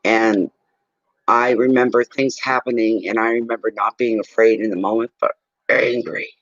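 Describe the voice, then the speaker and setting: A man's voice: lowish voice, steady tone, normal speed, fairly bright tone, dry recording. Blunt man reading tarot, dull lo-fi sound. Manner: blunt, salty storyteller. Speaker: tarot reader. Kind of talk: casual livestream chat and readings.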